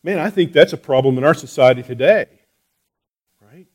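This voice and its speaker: A man preaching a sermon, asking rhetorical questions and restarting phrases, swinging between loud pleas and soft asides. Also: on the high side, normal speed. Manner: repeats words and restarts phrases. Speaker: pastor.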